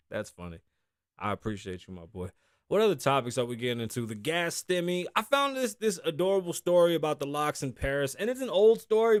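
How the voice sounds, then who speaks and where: Young male host, casual profane comic chat, mid-pitched voice, dry close studio mic. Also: no echo. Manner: profane, joking, mimics voices in stories. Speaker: podcast host. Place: home studio. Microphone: studio mic, live recording.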